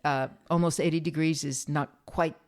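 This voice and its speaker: A fairly low-voiced woman chatting as a podcast guest. She talks casually, hesitates a lot with fillers and laughs often. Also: steady tone, moderate pace. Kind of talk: casual conversation.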